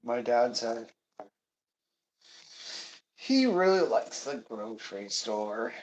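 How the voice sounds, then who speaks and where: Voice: medium pitch, animated, slow pace, darkish tone, low-quality recording. A cooking streamer chatting casually and playfully, often chanting little words in a sing-song way.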